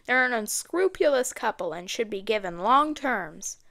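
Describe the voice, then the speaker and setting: A woman reading an audiobook, voicing a calm middle-aged lawyer and father with dry wit. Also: high-pitched, normal speed, vocal fry, full character voice. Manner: calm, quietly demanding.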